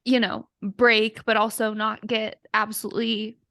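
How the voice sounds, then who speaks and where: A woman's voice: a little high, little pitch movement, measured pace, sharp tone, no room sound, clean studio sound. A woman co-hosting a podcast, talking casually and sympathetically, rambling with many filler words.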